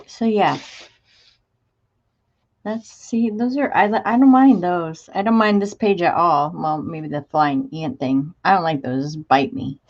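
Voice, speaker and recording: A woman's voice: lowish voice, a little slow, a little mellow, muffled recording. A woman hosting a crafting livestream, chatting casually and gushing as she greets viewers by name and shows craft supplies. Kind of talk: casual live chat while showing craft supplies.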